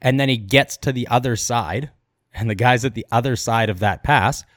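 In a clean studio recording with no echo, this male co-host speaks in a mid-range voice at a moderate pace. He's animatedly recounting a travel story on the podcast, dropping in quotes from the characters along the way.

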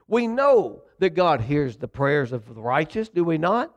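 A man's voice: on the high side, big pitch swings, unhurried. A man preaching a sermon, reading scripture aloud and acting out quotes with asides to his congregation. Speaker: pastor.

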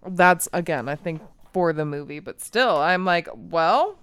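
A woman casually recapping a movie plot in animated detail, swearing freely and acting out the characters' lines. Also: fairly low pitch, a little slow, clear, resonant tone, no room sound. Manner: animated storytelling, frequent swearing, acts out quotes. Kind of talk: casual chat.

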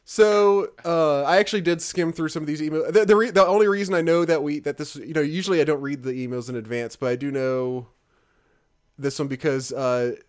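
Podcast guy rambling casually, voice a bit on the high side, keeps restarting. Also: steady tone, fairly quick. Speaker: podcast co-host.

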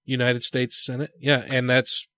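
A man's voice: medium pitch, completely flat delivery, a little slow, pushed and bright, a little hiss or hum. A man hosting a podcast, casual and questioning in conversation. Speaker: podcast host. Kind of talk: casual chat.

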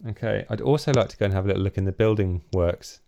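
A man taking part in a tabletop role-playing game, thinking aloud and restarting his sentences while he plans. His voice is low and mellow, relaxed rather than sharp. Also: fast, creaky. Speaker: player. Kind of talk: casual tabletop play.

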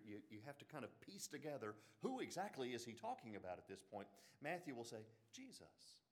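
A man with an Alabama Southern accent giving a classroom lecture on the Bible, animated, with joking asides and frequent restarts. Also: mid-range voice. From Birmingham, Alabama.

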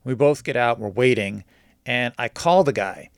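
Animated man telling a story. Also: medium pitch, moderate pace, clear, resonant tone, dry recording, studio quality. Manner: animated, acts out quoted dialogue. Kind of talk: casual storytelling.

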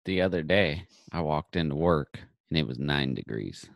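Co-host, male, very low voice, relaxed and understated, dry sound. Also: normal speed, gravelly, no room sound. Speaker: podcast co-host. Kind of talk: casual chat.

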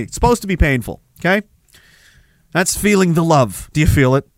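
A man hosts a political commentary livestream, rambling sarcastically, laughing often, and reading viewer messages aloud. His voice is on the high side with lively intonation and a moderate pace, in studio-quality audio with no room sound.

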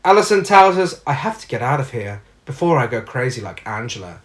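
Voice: mid-range voice, very animated, fairly quick. A podcast co-host, casually recapping a film with sarcasm and swearing, and acting out the characters' lines. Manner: sardonic, acts out lines from the film.

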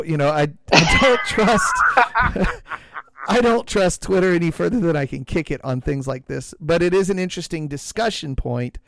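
A man hosting a casual religious podcast discussion, speaking in a measured way with frequent restarts and reading scripture aloud. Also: on the high side, a bit bright, no echo. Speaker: podcast host.

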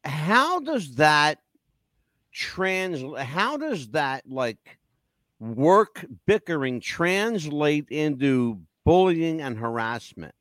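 A male talk show host with a higher, very lively voice that swings up and down as he talks. His manner is casual and blunt, and he drops the odd swear word. The sound is dry and close. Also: extremely slow, no room sound.

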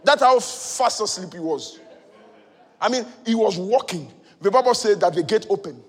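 A male preacher giving a sermon, moving between loud shouted exhortation and quiet teaching. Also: high-pitched, expressive, moderate pace, husky. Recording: long hall reverb.

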